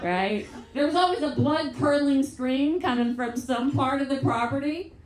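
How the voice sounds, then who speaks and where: A woman's voice: high voice, moderate pace, over music. A middle-aged woman from Louisiana with a Southern accent, doing a brash, bawdy stand-up set on a theatre stage. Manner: brash, bawdy storytelling, big acted-out quotes. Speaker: stand-up comedian. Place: theatre stage with live audience. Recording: roomy theatre with crowd noise.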